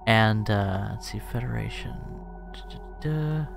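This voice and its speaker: Slow, joking gameplay streamer guy. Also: mid-range voice. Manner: joking, self-deprecating, thinks aloud. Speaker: let's play streamer. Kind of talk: casual gameplay commentary. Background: game music.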